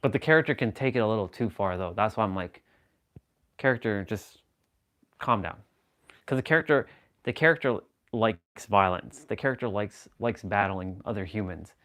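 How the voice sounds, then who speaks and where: A man hosts a live stream and talks loosely and off the cuff. He jokes with viewers and reacts to their comments as he goes. His voice sits a little low. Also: a little fast, a bit bright. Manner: rambling, joking, reacting to chat. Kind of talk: casual live stream chat.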